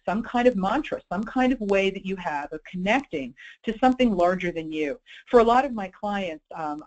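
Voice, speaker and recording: A woman's voice: medium pitch, lo-fi sound. A woman giving a webinar talk as a clinical presenter, speaking conversationally and often checking in with her listeners. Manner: conversational, checks in with listeners with "okay?" and "you know".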